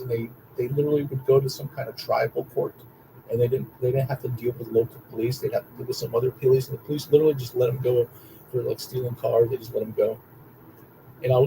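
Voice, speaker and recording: A young man telling stories in a rambling, excitable monologue, repeating himself and swearing often. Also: medium pitch, creaky, a little hiss or hum, low-quality recording. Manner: excitable, profane, repetitive storytelling. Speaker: vlogger.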